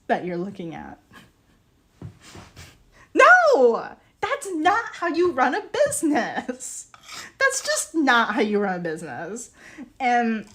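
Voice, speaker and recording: A young woman chatting casually as she works, her voice rising and falling in a lively, animated way. She tells her story in an unhurried flow, full of "like"s and exasperated disbelief, with a slightly high pitch. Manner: animated storytelling, frequent "like" and laughter; exasperated, incredulous. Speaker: ceramics live streamer. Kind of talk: casual chat while working.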